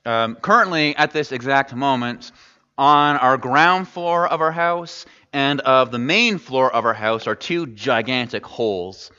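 Male pastor giving a sermon, bright tense voice, long church reverb, kinda dull audio. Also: medium pitch. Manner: conversational, asks the congregation questions. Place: church sanctuary. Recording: dull sound in a large reverberant hall.

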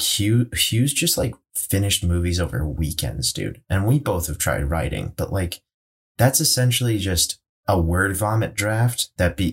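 A man chatting casually about movies on a podcast, rambling and excitable, swearing freely. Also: low-pitched, slightly rough.

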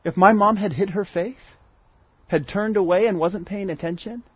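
A man preaching a sermon in an earnest way, moving between loud pleading and hushed asides. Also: high voice, moderate pace, husky, dry recording, highs cut off.

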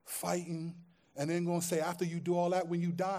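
A man preaching a sermon as pastor, swinging from hushed, quiet stretches to loud, impassioned peaks and repeating phrases for emphasis. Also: high-pitched, completely flat delivery, fairly quick.

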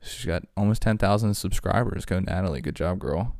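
Casual male host, low-pitched, dry sound, loose and chatty delivery. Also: lively intonation, fairly quick, vocal fry, a little mellow, dry recording. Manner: loose, chatty, lots of fillers and asides. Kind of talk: casual rambling chat.

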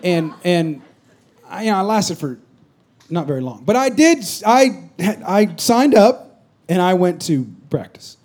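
A male pastor with a high, husky voice preaches a casual sermon. He rises to loud calls to the crowd, then drops to soft, joking asides. He is heard from a church stage. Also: measured pace. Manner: animated, swings from loud exhortation to quiet asides. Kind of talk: conversational sermon. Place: church stage before a congregation.

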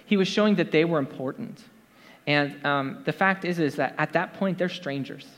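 A man's voice: a little high, moderate pace, fairly bright tone. A man preaching a casual, conversational sermon to his congregation, with lots of fillers and asides. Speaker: pastor. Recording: long hall reverb.

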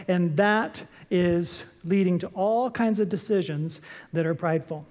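A man's voice: high-pitched, unhurried. A man preaching a sermon as pastor, emphatic and jokey, repeating his short points. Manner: lively, jokey storytelling preacher.

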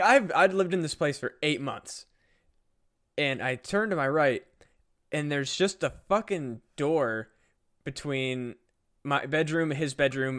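A man's voice: medium pitch, fairly bright tone. A young man, a podcast co-host, telling a casual story with lots of fillers and swearing. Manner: rambling, profane, many fillers.

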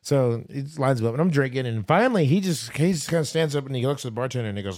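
A middle-aged man hosting a podcast, telling a story in a lively, animated way. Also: medium pitch, quick pace, few pauses, no echo.

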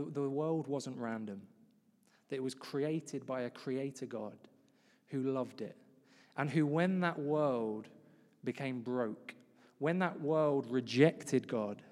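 A man's voice: mid-range voice, a little mellow. A man giving a conversational sermon as a preacher, acting out the voices he quotes. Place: church hall. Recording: long church reverb.

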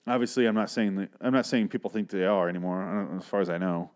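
Low-voiced man, profane and sarcastic. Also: little pitch movement, fast, a little mellow. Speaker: podcast host. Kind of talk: casual TV episode recap.

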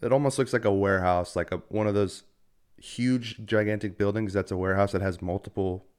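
A man's voice: on the low side, fairly even intonation, brisk, darkish tone, clear, resonant tone. A young man hosting a podcast, casually teasing and questioning his friend. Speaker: podcast host. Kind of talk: casual chat.

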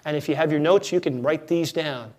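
A man preaching a conversational, jokey sermon as a pastor, his delivery dropping to a hush and then rising loud. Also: on the high side, a little fast. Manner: conversational, jokey, swings between hushed and loud.

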